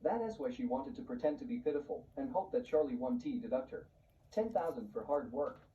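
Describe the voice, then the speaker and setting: A man giving a scripted story narration in a flat, even reading voice. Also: mid-range voice, brisk. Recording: muffled, distant, faint hiss.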